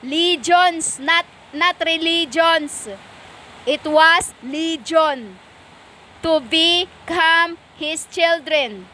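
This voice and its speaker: Woman, stern lecturing preacher; very slow, halting delivery, bright tone. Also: extremely high pitch, slight background noise. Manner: stern and lecturing, slow with many pauses and fillers. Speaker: self-styled preacher. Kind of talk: impassioned spiritual monologue.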